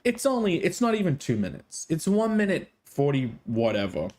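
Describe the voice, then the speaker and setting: A man's voice: on the high side, huge pitch swings, moderate pace, noisy background. A male streamer with a strained throat, chatting in a playful, jokey way and swearing freely. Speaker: streamer, host. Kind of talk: casual live-stream chat.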